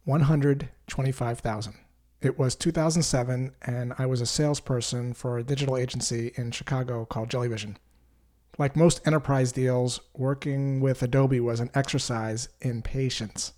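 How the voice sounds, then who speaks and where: A man, a sales trainer, telling a story as a scripted lesson in a measured, explanatory way. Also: medium pitch, fairly even intonation, a little mellow.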